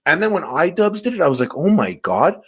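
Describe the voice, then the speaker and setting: A man's voice: fairly high pitch, a little fast, husky. A man in casual podcast chat, telling stories at length and acting out what people said. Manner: animated storyteller, acts out quotes. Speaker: podcast guest.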